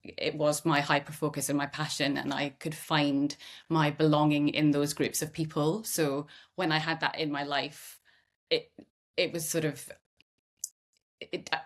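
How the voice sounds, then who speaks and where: A middle-aged woman from Scotland hosts a conversational podcast in a low voice. She talks candidly and thoughtfully, with self-deprecating humour, in a relaxed, reflective way. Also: a little slow. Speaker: podcast host.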